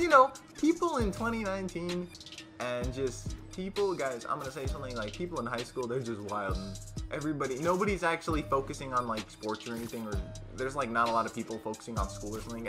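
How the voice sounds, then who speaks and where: A man's voice: medium pitch, sing-song, quick pace. Rambling teen boy vlogger, music behind. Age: teens. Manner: rambling, lots of fillers and restarts, loud when quoting friends. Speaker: YouTuber. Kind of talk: casual storytime vlog.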